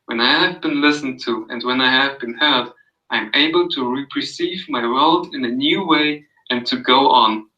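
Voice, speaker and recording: Soothing, slow-reading man on a roomy line. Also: mid-range voice, pushed and bright, recorded from a distance, dull audio. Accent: non-native English. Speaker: guest. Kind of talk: reading a passage aloud on a call-in show.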